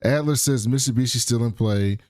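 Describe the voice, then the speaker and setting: Un hombre que co-presenta un pódcast y resume las escenas de un episodio en charla informal, con palabrotas. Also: male voice, mid-range voice, fairly quick, a little mellow, no echo, clean studio sound. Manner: retelling scenes, swearing. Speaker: podcast co-host. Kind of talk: casual recap chat.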